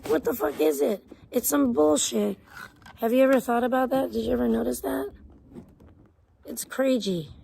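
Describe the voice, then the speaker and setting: Woman streamer, low gravelly edge, warm relaxed tone, rambling profane rants to chat. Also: normal speed, slight background noise. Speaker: live streamer. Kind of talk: casual livestream chat.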